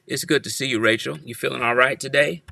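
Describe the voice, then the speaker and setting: Playful man teasing viewers, sharp-toned voice. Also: medium pitch, fairly even intonation, fast talker, vocal fry. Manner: playful, teasing, repeats phrases. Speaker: church leader hosting a livestream. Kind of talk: casual livestream chat greeting viewers. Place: office.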